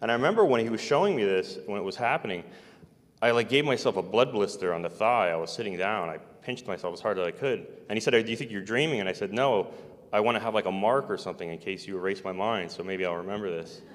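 Man, lowish voice, meandering first-person account with soft chuckles, long hall reverb. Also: quick pace. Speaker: former navy serviceman recounting an experience.

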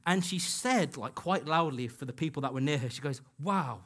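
A man's voice: fairly high pitch, a little fast, fairly bright tone. A man preaching a sermon in a church, telling a personal story in an earnest way and acting out the dialogue he quotes. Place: church hall.

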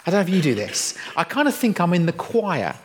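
A middle-aged man delivers a light-hearted sermon in a fairly high voice. He tells stories with playful, self-mocking humour. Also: huge pitch swings, a little fast, a little hiss or hum. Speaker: pastor. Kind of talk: humorous sermon.

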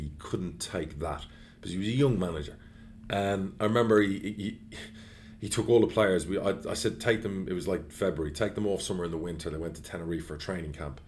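Speaking in a low voice, this middle-aged man chairs a football club and talks loosely in an interview. His stories come out animated and blunt, peppered with swearing.

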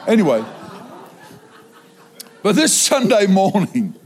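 Lively high-voiced preacher. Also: male voice, slow, slight background noise. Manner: humorous, animated storytelling with sudden loud outbursts. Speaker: traveling preacher. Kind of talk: sermon. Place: church auditorium.

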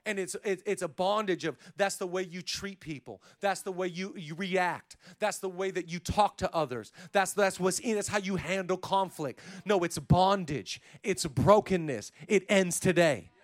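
A man preaching a sermon as pastor, talking casually and then building to shouted lines. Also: moderate pace, hardly any pauses. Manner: acts out quoted voices with sudden pitch jumps.

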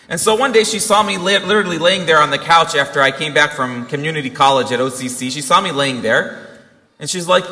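Young man, priest, earnest storytelling sermon, bright voice, long church reverb. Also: a little high, brisk. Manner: storytelling with quoted family dialogue, earnest. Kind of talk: Christmas sermon.

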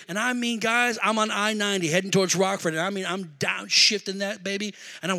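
A man preaching a sermon through a personal story, animated, shouting at the high points and dropping low for asides, in a large hall. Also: quick pace. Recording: echoey hall reverb.

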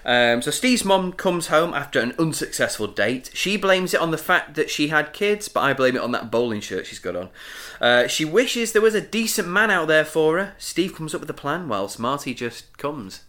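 Sardonic man, bright lively voice. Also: on the high side, normal speed. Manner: sardonic, swears casually, lively delivery. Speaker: podcast co-host. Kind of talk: casual chat, recapping a sitcom episode.

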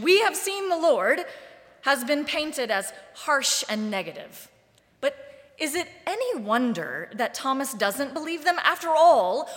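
A woman pastor preaching a sermon in a church sanctuary, deliberate and wry in a conversational way, with the long reverb of the sanctuary around her voice. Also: on the high side, a bit bright. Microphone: live-streamed service mic.

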